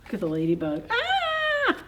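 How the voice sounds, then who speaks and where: A woman's voice: mid-range voice, unhurried, very noisy. A woman librarian reading a picture book aloud at a children's story time, in a playful, chatty way, chuckling and asking the kids questions.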